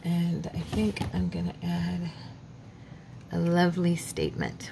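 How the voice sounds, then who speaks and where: A woman's voice: lowish voice, monotone, unhurried, creaky, noisy background. A woman hosting a crafting video, chatting casually as she works, with faith-filled asides and laughs at herself. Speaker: craft channel host. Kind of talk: casual crafting tutorial chat.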